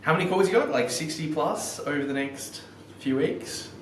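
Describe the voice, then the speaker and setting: A man's voice: fairly high pitch, moderate pace, a bit bright, echoey room, slight background noise. A man hosting a podcast, tossing in short agreeing interjections and casual questions. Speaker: podcast host.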